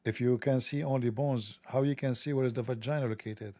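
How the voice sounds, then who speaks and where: A man's voice: mid-range voice, steady tone, brisk, warm tone, dry recording. A man hosting a livestream, delivering a sarcastic, joking, mocking monologue. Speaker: livestream host.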